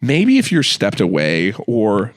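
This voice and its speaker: A man co-hosting a podcast in casual chat, an animated storyteller who acts out the people he describes. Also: fairly low pitch, slow. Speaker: podcast co-host.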